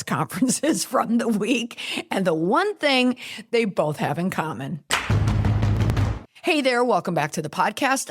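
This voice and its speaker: A middle-aged woman hosting a commentary podcast, talking in a wry, chatty way with quick asides. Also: mid-range voice. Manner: wry, chatty, laughs at her own asides. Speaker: podcast host.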